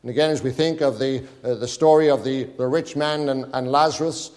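Delivering a sermon, a man reads King James scripture aloud, urges on his congregation and pleads with them. He talks briskly in a medium-pitched, steady, slightly mellow voice, echoed by long hall reverb.

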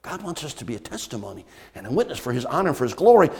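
A male pastor preaching with an emphatic, repetitive cadence and frequent rhetorical questions. His mid-pitched voice rings through a church sanctuary, each phrase trailing into a long hall echo. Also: very animated, very fast, vocal fry, hardly any pauses, a little mellow. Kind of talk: sermon.

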